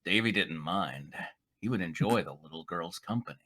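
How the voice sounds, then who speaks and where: A man's voice: low voice, lively intonation, moderate pace, pushed and bright. A man co-hosting, reading fan fiction aloud with wry, mock-dramatic narration. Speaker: reader and co-host.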